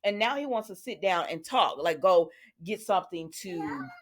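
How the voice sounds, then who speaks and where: A woman's voice: on the low side, expressive, moderate pace. Chatty woman recapping a soap. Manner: chatty, retells scenes in quotes, talks to viewers directly. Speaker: soap opera recap host. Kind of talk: casual episode recap.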